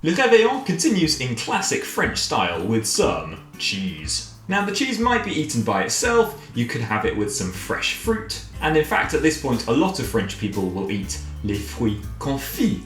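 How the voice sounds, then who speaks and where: A man's voice: medium pitch, huge pitch swings, moderate pace, hardly any pauses, fairly bright tone. A man teaching a playful French lesson for children from a home kitchen, repeating words for pupils to copy. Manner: playful, drills words with varied voices. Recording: echoey room with faint music.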